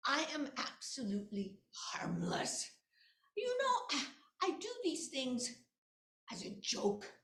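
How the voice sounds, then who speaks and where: A sly little river kappa, put on by a woman storyteller, pleading in a wheedling half-whisper that jumps up into squeals. The voice rings in an echoey room, bright and lively in tone. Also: high-pitched, creaky, full character voice.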